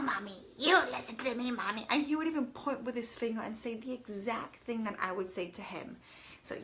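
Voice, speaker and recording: A woman's voice: on the high side, bright, forceful tone. A woman in her thirties chatting casually to camera as a parenting vlogger, rambling a little with fillers and restarts.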